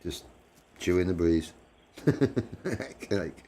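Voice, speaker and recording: A man's voice: low-pitched, animated, unhurried. An English man hosting a livestream, chatting casually with viewers, laughing often and swearing freely. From England. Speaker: livestream host. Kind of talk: casual chat with live viewers. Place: living in the United States.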